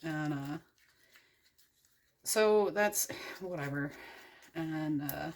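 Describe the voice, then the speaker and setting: A woman's voice: deep voice, extremely slow, a little hiss or hum. A young adult woman from the United States retelling a story in a casual, irreverent and profane way, rambling with many fillers. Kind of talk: casual storytelling while crafting.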